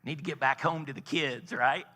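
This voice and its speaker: A man's voice: mid-range voice, moderate pace, pushed and bright. A man preaching a sermon, telling a story and asking the congregation questions. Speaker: pastor. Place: large church sanctuary. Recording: church hall reverb.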